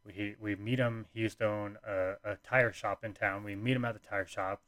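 Young man, low voice, rambling casual storyteller, dead-dry close recording. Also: steady tone, normal speed, fairly bright tone, no room sound. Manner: rambling, frequent fillers and restarts, nonchalant.

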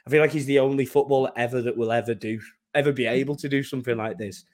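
A young man co-hosts a casual podcast chat, rambling through his thoughts and often laughing at himself. He talks fast, with a medium pitch and fairly even intonation.

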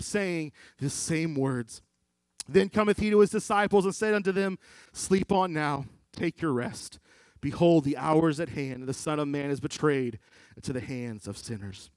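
A man preaching a sermon, quoting scripture and swinging from loud pleading to hushed, low delivery. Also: dry recording. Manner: quotes scripture in King James wording.

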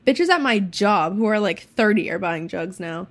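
A teenage girl chatting casually as a podcast co-host, telling stories quickly with lots of swearing and laughter. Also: mid-range voice, expressive. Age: teens. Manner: fast, profane storytelling with laughs. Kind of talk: casual chat.

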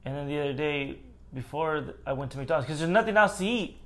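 A man's voice: a little high, quick pace. A young man co-hosting a casual podcast, telling a work story and acting out the people in it. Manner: animated storyteller, acts out quotes. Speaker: podcast co-host. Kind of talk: casual chat.

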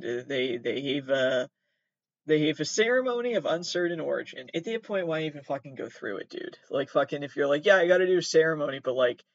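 A man's voice: a little high, dry recording, dull audio. A young man from Massachusetts hosting a podcast, rambling through casual commentary with swearing and self-mocking asides. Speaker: podcast host.

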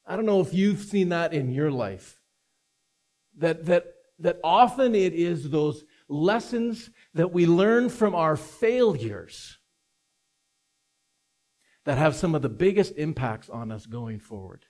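A man preaching a sermon as pastor, earnest and deliberate, stressing key words as he reads scripture. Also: fairly high pitch, expressive, darkish tone. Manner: earnest, slow and deliberate with emphatic rises. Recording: mains hum.

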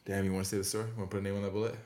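Young male podcast co-host, lowish voice, teasing sidekick energy, quick jokes. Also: level tone, darkish tone. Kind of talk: casual chat.

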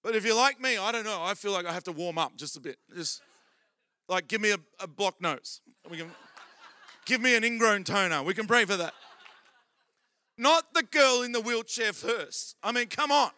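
Male preacher, high-pitched and bright, jokey storyteller who builds to loud exhortation. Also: animated, normal speed. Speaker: pastor. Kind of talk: sermon.

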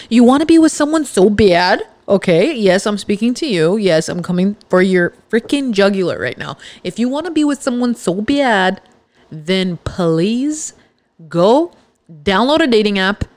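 A woman's voice: medium pitch, expressive, normal speed, darkish tone, dry recording. A woman hosting a podcast, talking casually and emphatically as she gives her listeners a pep talk. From Los Angeles, California. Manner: chatty and emphatic, with laughs and restarts. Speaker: podcast host.

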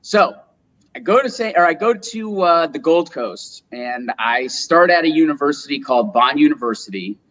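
Twenties male guest from upstate New York, slightly high voice, lively casual storyteller. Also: moderate pace, poor audio. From Rochester, New York, US. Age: 20s. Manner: animated storyteller, acts out quotes. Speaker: guest, solar business owner.

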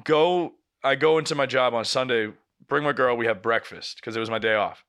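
Clean-toned, mid-range and fairly quick, this young podcast co-host spins a casual story. He cusses a lot and animatedly performs other people's lines.

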